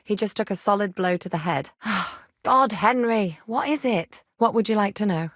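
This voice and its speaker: A woman's voice: mid-range voice, expressive, moderate pace, no echo, studio quality, close to an everyday voice. A woman playing a feisty young herbalist healer. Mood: matter-of-fact.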